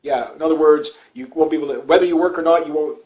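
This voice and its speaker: A man's voice: a little high, steady tone, fast talker, muffled recording. A man from Canada giving casual solo political commentary, rambling with frequent fillers and restarts, opinionated and dismissive.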